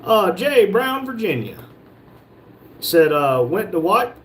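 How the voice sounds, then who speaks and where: A man with a somewhat high voice hosts a casual livestream. He reads viewer comments aloud and tosses off joking replies. Faint noise hums behind him. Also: very animated, takes it slowly, fairly bright tone. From North Carolina, USA. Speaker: livestream host reading chat. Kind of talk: casual live chat.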